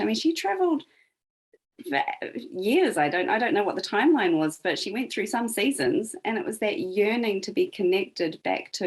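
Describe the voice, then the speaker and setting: A guest on a podcast, this woman speaks in a mid-range voice as she thoughtfully recounts a fairy tale with emphasis and connects it to today. It's conversational storytelling, captured on poor audio.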